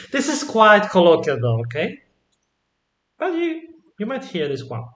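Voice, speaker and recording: A man gives an unhurried language lesson in a fairly high voice, pausing often to check that his listener is following. His voice rings in a noticeably echoey room. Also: huge pitch swings, a bit bright. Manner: slow, patient explaining with frequent um and yeah?. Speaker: Spanish teacher.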